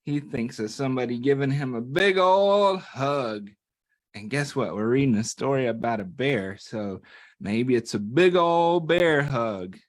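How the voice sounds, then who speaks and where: Reading a picture book to young children, a man uses a medium-pitched voice at a measured pace. He's playful and animated, often pausing to ask the kids questions and inviting them to join in.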